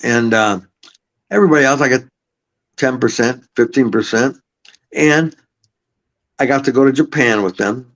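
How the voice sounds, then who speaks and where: A man's voice: mid-range voice, moderate pace, long pauses. Rambling, swearing man telling stories. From Buffalo, New York. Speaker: podcast guest. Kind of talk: casual storytelling. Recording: slightly muffled audio.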